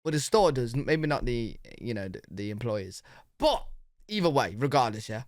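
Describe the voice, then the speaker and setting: A British man hosting a reaction video, talking in a chatty, animated way and often saying "bro". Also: mid-range voice, normal speed, no echo, studio quality. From United Kingdom. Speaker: reaction channel host. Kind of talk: casual reaction commentary.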